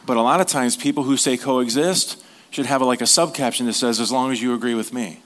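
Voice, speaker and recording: A middle-aged male pastor delivering a sermon in a loose, conversational way, cracking jokes and tossing questions out to the congregation. His voice sits at an ordinary middle pitch for a man. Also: brisk, a bit bright. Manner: conversational, joking preaching with audience questions.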